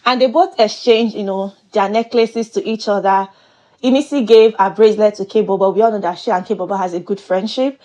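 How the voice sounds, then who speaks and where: A woman's voice: mid-range voice, a little fast. A woman giving a chatty, playful recap of a reality show. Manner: chatty and animated, with playful exclamations. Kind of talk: casual gossip commentary.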